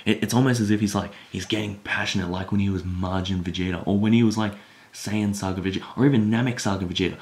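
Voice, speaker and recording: A man casually recapping a manga chapter for his channel, rambling with lots of fillers and retelling scenes with excitement. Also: lowish voice, fast talker.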